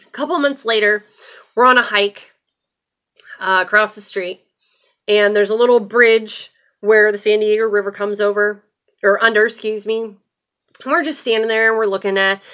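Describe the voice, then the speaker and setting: A woman hosting her own show, telling a personal story in a loose, animated way and swearing freely. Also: medium pitch, normal speed, long pauses. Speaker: host. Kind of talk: casual storytelling.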